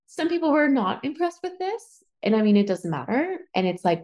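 A woman hosting a podcast, telling a personal story in a chatty, animated way and swearing freely. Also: sits high, moderate pace. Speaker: podcast host. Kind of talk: casual storytelling monologue.

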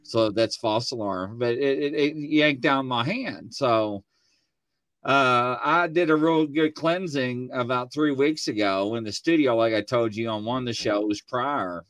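A man hosting a casual chat show from his studio, telling stories with lively acted-out quotes. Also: medium pitch, unhurried, no echo. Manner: animated storyteller, acts out quotes. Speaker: host. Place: home studio.

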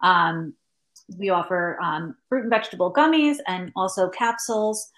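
A woman's voice: fairly low pitch, moderate pace, a bit bright. A woman in her thirties, a guest in a casual interview chat, talking in a chatty, explanatory way with many fillers.

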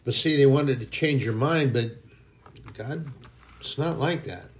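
A man's voice: mid-range voice, unhurried. A man preaching an informal sermon in a folksy, emphatic way, now and then mocking people in a put-on voice.

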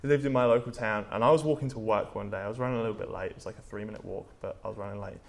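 A young Englishman gives a casual sermon in a lowish, gravelly voice, talking very fast against slight background noise. The preacher is chatty and tells stories, filling his speech with lots of "like" and "um."

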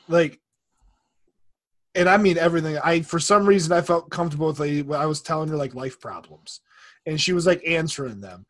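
Young man, husky, slightly high, loose rambling talker who swears and laughs a lot. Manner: laughs often, swears freely, rambling storyteller. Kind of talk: casual chat.

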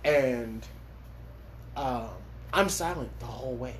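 A man's voice: mid-range voice, slow pace, a little hiss or hum. A young man from Los Angeles telling a story in casual podcast chat, laughing often and swearing freely. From Los Angeles, USA.

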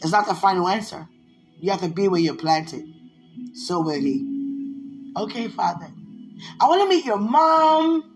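Her voice mid-range and animated, this woman speaks at a measured pace with frequent pauses, gushing and giggling to the camera as a vlogger addressing a loved one. She rambles with a voice that rises and falls, and the low-quality recording has music playing underneath.

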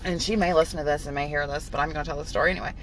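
A woman's voice: sits low, fairly even intonation, very fast, a little hiss or hum, rough recording. A woman in her thirties, co-hosting a casual podcast and telling stories in a blunt, profane way, laughing often. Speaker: podcast co-host.

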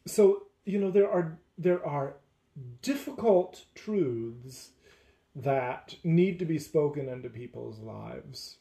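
A man who teaches, talking through faith and relationships in a measured, deliberate way. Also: a little high, lively intonation, gravelly, dark tone, roomy sound. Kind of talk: casual faith discussion.

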